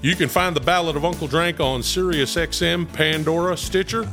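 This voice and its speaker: A man's voice: on the high side, fairly even intonation, moderate pace, lightly acted. A man playing a jovial, folksy country singer, reading a podcast ad. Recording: ad read with music underneath.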